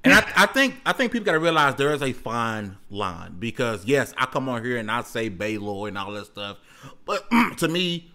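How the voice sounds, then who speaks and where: A man hosting a gaming podcast, talking loud and excitable with lots of slang. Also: medium pitch, moderate pace. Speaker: podcast host. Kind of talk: casual chat.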